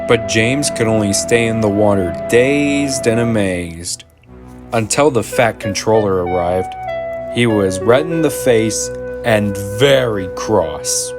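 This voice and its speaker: A man narrating a storybook in an animated way, performing all the voices himself. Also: lowish voice, takes it slowly. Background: music.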